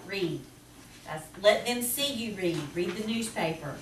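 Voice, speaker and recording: A woman teacher with a Southern US accent, talking to parents about reading in a chatty, lively way. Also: medium pitch. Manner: chatty, lively, quick to laugh. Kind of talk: presentation to parents. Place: school classroom. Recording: roomy, distant, noisy classroom recording.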